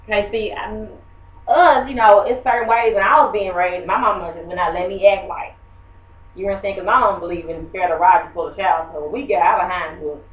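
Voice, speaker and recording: A woman's voice: medium pitch, steady tone, a little fast. Woman teaching from across the room. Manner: rambling, conversational, quizzes the class. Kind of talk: classroom lesson. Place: classroom. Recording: muffled echoey room from far off.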